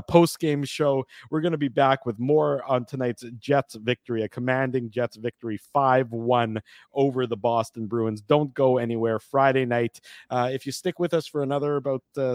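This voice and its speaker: A man's voice: medium pitch, dry recording, clean studio sound. Rambling man hosting a post-game show. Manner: rambling, full of fillers and restarts. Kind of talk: casual post-game chat and commentary.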